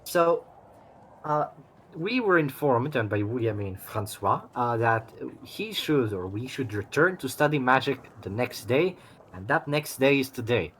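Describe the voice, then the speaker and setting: A young man co-hosting a let's play in an easygoing, chatty way, swearing casually as he explains the story so far. His voice is mid-pitched, with faint background noise on the recording. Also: lively intonation, unhurried, a bit bright. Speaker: co-player.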